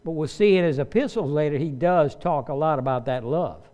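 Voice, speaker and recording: Male pastor preaching, high voice, really smooth and clear, repeats stuff for emphasis. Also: brisk, mellow. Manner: emphatic, repeats key phrases and acts out quoted voices. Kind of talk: sermon.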